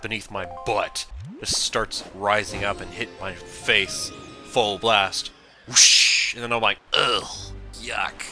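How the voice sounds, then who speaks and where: Low-voiced man rambling over game music. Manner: chatty, self-mocking, goofy asides. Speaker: let's play host. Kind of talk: rambling gameplay commentary. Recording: game music playing behind.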